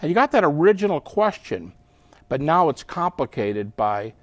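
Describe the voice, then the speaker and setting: A man being interviewed as a guest who explains his ideas in a lively way. He often slips into acting out other people's voices. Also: a little high, normal speed, no echo. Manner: animated, acts out quoted voices.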